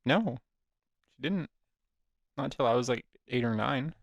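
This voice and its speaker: A man co-hosting a casual podcast chat, teasing and drawling, with sudden loud bursts. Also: mid-range voice, animated, measured pace, gravelly, no room sound, highs cut off. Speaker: podcast co-host.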